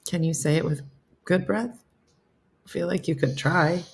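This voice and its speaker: A woman's voice: low-pitched, unhurried, long pauses. A middle-aged American woman hosting a casual live morning show, chatting and joking with viewers by name in a self-mocking way. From United States. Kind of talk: casual live-stream chat reading comments.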